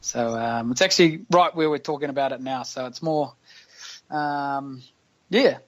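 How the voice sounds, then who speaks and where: A man's voice: medium pitch, measured pace, dull audio. A man with a New Zealand accent, a podcast guest telling stories in casual, slangy chat and laughing often. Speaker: guest, professional rugby player.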